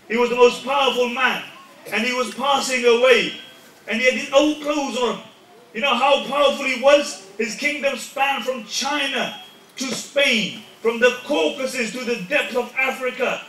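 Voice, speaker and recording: A man preaching a sermon with passion, his voice rising to shouts at times. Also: extremely high pitch. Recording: echoey hall, voice from far off.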